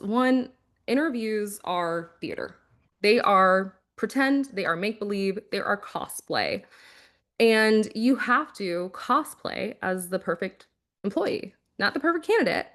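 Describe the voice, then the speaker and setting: A woman who was once a recruiter, giving casual career advice in a conversational, animated way, often acting out quotes. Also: medium pitch. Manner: conversational, animated, quick asides and acted-out quotes. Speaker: former recruiter and career coach.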